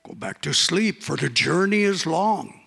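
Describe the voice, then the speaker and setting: A man's voice: on the high side, expressive, creaky, fairly bright tone, slightly rough, big-room sound, full character voice. A man voicing a solemn, commanding Ojibwe warrior. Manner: slow, solemn, repeating himself. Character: powerful male Ojibwe warrior, calm and commanding.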